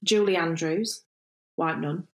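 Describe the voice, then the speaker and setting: A woman's voice: deep voice, slow pace, low-quality recording. A British woman co-hosting a podcast in casual chat, playful and teasing, often breaking into laughter. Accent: British English. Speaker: podcast co-host.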